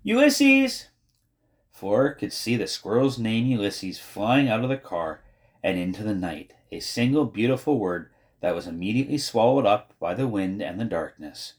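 Man, audiobook narration, storybook, expressive, wry, lower voice, lively pitch. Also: normal speed.

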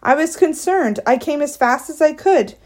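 A woman voicing a young boy with a high, thin voice who talks in an anxious, overly formal way. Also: lively intonation, normal speed.

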